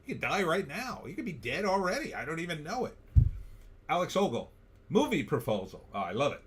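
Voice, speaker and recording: A man's voice: a little high, huge pitch swings, quick pace, a bit bright, slight background noise. A man hosting a political livestream, blunt and sarcastic, reading viewer comments aloud. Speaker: livestream host.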